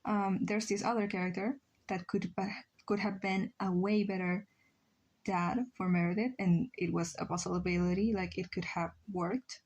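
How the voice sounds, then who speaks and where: A young woman whose native language is Spanish streams herself drawing and chats casually while reading messages from chat. Her mid-range, darkish voice stays steady at a moderate pace, and she pokes fun at herself with frequent ums and laughs.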